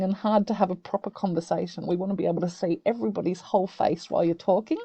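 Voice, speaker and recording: Gentle woman teaching kids. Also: lowish voice, fairly even intonation, quick pace, gravelly, few pauses, husky, no room sound. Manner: gentle, encouraging, explains step by step. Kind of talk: screen-recorded tutorial for children. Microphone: computer mic on a video call.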